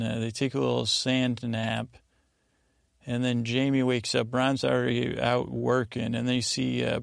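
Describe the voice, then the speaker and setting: A man hosting a sleep podcast, slowly retelling a story in a meandering way with many restarts and asides. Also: mid-range voice, vocal fry, no room sound, studio quality. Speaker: podcast host. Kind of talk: rambling bedtime retelling.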